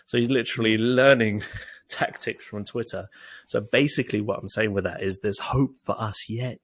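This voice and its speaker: A man's voice: on the low side, steady tone, moderate pace, hardly any pauses, no room sound, clean studio sound. A young man co-hosting a casual podcast, chatty and jokey, rambling with plenty of fillers. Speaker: podcast co-host. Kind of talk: casual chat.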